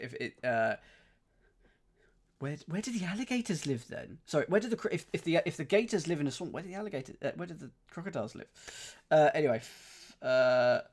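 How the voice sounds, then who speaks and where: A man's voice: fairly high pitch, vocal fry. A man streaming as he solves a crossword, thinking aloud, questioning himself and chatting with his live chat. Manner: muses and questions himself aloud, with frequent fillers and self-corrections.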